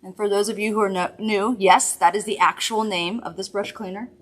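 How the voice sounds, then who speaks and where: A woman's voice: medium pitch, steady tone, brisk. A woman hosting a live makeup demonstration from a studio, chatty, upbeat and reassuring as she works. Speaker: makeup host.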